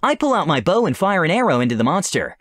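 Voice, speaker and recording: A man voicing a brash, adventurous young princess in a bright, bouncy, impulsive way for a storybook tale. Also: fairly high pitch, sing-song, fast, dry recording, studio quality, pitched above the performer's own voice. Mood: eager, playful. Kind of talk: storybook role-play reading.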